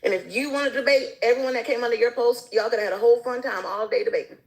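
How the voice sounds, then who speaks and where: A woman with a fairly high, gravelly voice speaks at a racing pace over poor audio. She's a guest in a casual chat, telling stories animatedly and acting out the people she quotes.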